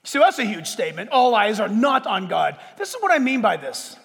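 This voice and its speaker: A man preaching a sermon as pastor, emphatic, with dramatic pauses and sudden bursts of force. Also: high voice, very animated, creaky, fairly bright tone, big-room sound.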